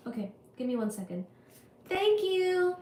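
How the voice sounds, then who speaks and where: A woman's voice: very high-pitched, sing-song, a little slow, warm tone, a little hiss or hum. A woman hosting a physics livestream, chatting with viewers in an apologetic way while still getting over an illness. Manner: chatty and apologetic, reads viewer comments aloud. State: recovering from illness. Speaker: livestream host teaching physics. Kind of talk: casual livestream chat with viewers. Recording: echoey room with faint ambience.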